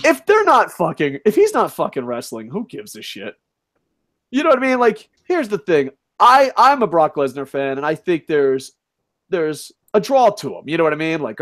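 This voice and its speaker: Man, young adult, higher voice, profane, rambling, excitable, wrestling podcast co-host. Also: normal speed. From United States. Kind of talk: casual wrestling chat.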